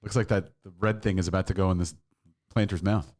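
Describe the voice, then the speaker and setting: Low voiced producer guy on a podcast, dry little comments, kinda hesitant. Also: fairly even intonation, quick pace, a little mellow. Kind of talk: casual chat.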